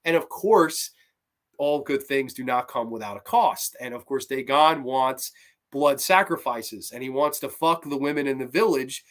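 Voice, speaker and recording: A man's voice: medium pitch, normal speed, a bit bright. A man hosting a show, retelling a horror film in a rambling, profane and enthusiastic casual chat. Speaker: podcast host. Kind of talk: casual movie review chat.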